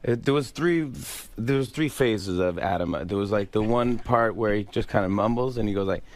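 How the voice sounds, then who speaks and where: A young man talking as a guest in a casual radio interview, easygoing and quick to laugh. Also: lowish voice, darkish tone. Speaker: guest comedian. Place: radio studio.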